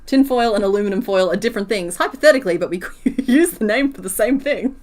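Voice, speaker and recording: A woman's voice: medium pitch, expressive, fast, a little mellow. Australian woman, rural accent, giggly and chatty, crochet streamer, frequent laughter. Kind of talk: casual livestream chat while crocheting.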